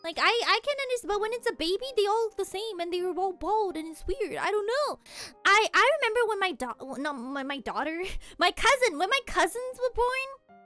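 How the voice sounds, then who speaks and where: A woman's voice: very high-pitched, lively intonation, a little fast, bright, forceful tone, faint music behind. A young woman streamer in casual chat, giggly and rambling, often laughing at herself. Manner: giggly, rambling, self-deprecating.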